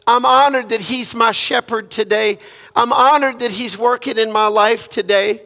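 A man's voice: very high voice, fairly even intonation, moderate pace, creaky, bright, forceful tone, long reverb tail. A man from Louisiana preaching a sermon as a guest pastor, impassioned and repetitive, moving into prayer. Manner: impassioned preaching, repeats phrases, ends in prayer. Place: church sanctuary.

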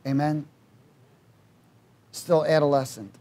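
Male preacher, high pitch, call-and-response sermon, loud exhortation and soft asides. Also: fairly even intonation, takes it slowly. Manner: swings between loud exhortation and quiet asides.

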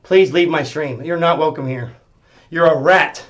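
A man streaming live, ranting at his chat in a profane, confrontational way, swinging between muttering and yelling. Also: a little high, measured pace. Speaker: livestreamer.

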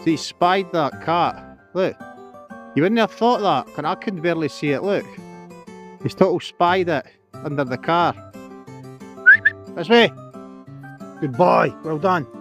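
Scottish man vlogging outdoors, high voice, chatty and sweary, faint music behind. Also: moderate pace. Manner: swearing, chatty, talks to his dog. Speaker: vlogger walking his dog. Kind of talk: casual chat while walking outdoors. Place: outdoors on a beach.

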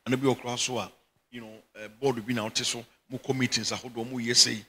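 A man's voice: medium pitch, level tone, quick pace, sharp tone, slight background noise. A middle-aged Ghanaian man preaching a sermon as bishop, emphatic and often breaking into laughter. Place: church chapel.

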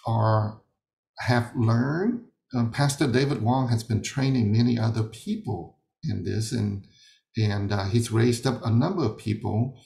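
A man's voice: medium pitch, creaky, darkish tone, echoey room. A man teaching a sermon over a video call, emphatic and fond of rhetorical questions that he answers himself. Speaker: ministry leader teaching a session.

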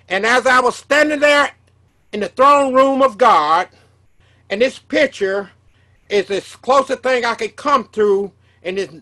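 A man's voice: very high voice, pushed and bright. A man, telling a personal testimony as a sermon in an earnest way, often repeating and restarting his words. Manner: earnest storytelling with repetitions and restarts. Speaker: preacher.

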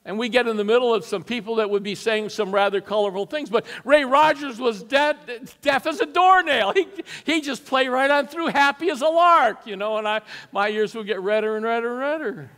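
A middle-aged man giving a storytelling sermon as guest preacher, folksy and animated, his voice jumping up for punch lines. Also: extremely high pitch, fairly quick, few pauses. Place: church sanctuary. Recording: long church reverb.

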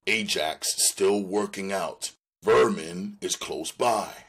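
A man reading a screenplay aloud in a measured, descriptive way. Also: sits low, a bit bright, breathy edge. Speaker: reader.

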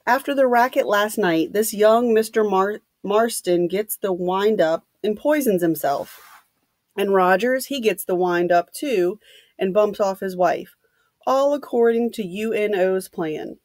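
Blunt gruff man, read by a woman. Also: medium pitch, unhurried, a little mellow, no echo, lightly acted.

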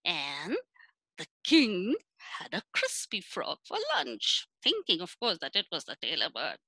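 Animated woman telling a children's story. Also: lowish voice, gravelly, breathy edge, dry recording, low-quality recording. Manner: animated, dramatic, drawn-out phrasing.

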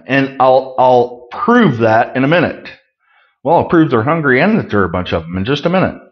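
A man's voice: on the high side, a bit bright. Conversational male Bible teacher, muffled sound. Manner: conversational, reads scripture then explains it plainly. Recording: muffled lo-fi recording.

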